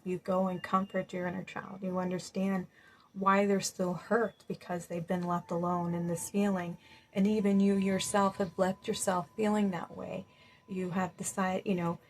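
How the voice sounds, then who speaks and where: A woman giving a gentle spiritual reading to viewers, reassuring and casual, with many "you know"s. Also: lowish voice, a little hiss or hum, poor audio. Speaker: spiritual card reader. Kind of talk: intuitive tarot-style reading to viewers.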